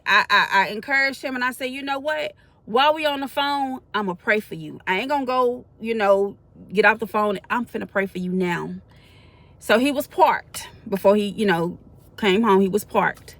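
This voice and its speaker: A woman's voice: mid-range voice, animated, normal speed, a bit bright, no echo. A woman in her forties gives a spoken faith testimony. She talks in a colloquial, earnest way that builds into preaching. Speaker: faith vlogger.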